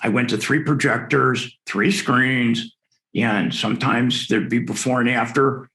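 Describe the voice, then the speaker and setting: The voice is medium in pitch, steady in tone, unhurried and a bit bright. It belongs to a man in his sixties, a dental lecturer delivering an enthusiastic, anecdote-rich conference presentation to dentists virtually, captured through a video call.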